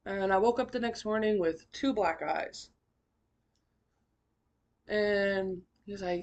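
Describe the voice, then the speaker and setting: A young woman hosting a podcast, telling her own story in a blunt, profane, animated way with big swings in pitch and loudness. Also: slow, long pauses. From California. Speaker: podcast host. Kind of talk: candid personal storytelling.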